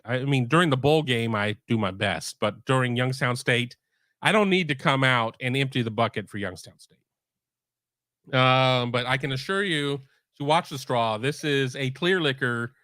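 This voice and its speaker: A man's voice: mid-range voice, sharp tone, no echo, studio quality. A middle-aged man hosting a sports talk stream from home, rambling casually with frequent restarts. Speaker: sports podcast host. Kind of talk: casual live-stream chat. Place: home room.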